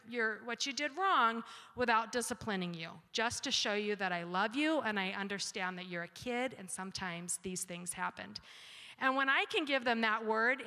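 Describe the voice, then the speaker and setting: A woman in her forties giving a talk with slides, telling parenting stories and acting out her children's lines in an animated way. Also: a little high, in a large hall. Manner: animated storyteller, acts out her kids' voices. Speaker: speaker giving a talk on grace.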